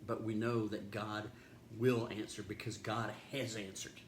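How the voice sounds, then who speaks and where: A man's voice: lowish voice, level tone, unhurried. A man serving as pastor, reading scripture and giving a reflective, earnest devotional talk. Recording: roomy echo with faint background noise.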